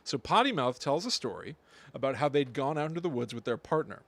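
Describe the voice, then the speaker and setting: Lively, playful male podcast co-host. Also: mid-range voice, fast talker. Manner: playful, laughs often, lively storytelling with acted quotes. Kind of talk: casual chat, reading a creepypasta.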